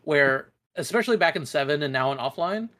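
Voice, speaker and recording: A young man appears as a guest on a podcast, chatting casually in a rambling, hesitant way full of fillers. His voice is a little high, expressive and fairly bright, and he talks fairly quickly.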